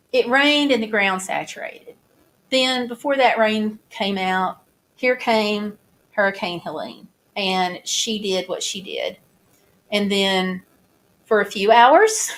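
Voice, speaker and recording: A woman vlogger talking casually, halting and restarting as she describes flood damage. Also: mid-range voice, a bit bright. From United States. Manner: chatty, halting, many restarts and fillers. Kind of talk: casual chat over photos.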